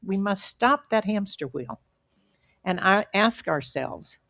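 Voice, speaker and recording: A woman giving an inspirational sermon as a guest speaker, telling a story in an earnest, measured way with emphatic pauses. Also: medium pitch, animated, creaky, fairly bright tone, dry recording. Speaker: guest speaker at a spiritual center.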